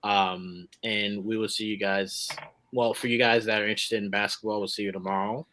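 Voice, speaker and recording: A man hosting a casual online podcast, wrapping up the show and thanking guests in a relaxed, rambling way. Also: on the low side, moderate pace. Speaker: podcast host. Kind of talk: casual chat, show sign-off.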